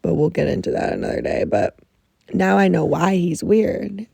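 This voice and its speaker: Gravelly rambling woman podcaster. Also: on the low side, moderate pace, no room sound. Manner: rambling, animated, swears. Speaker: podcast host. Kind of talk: casual storytelling. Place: under a blanket.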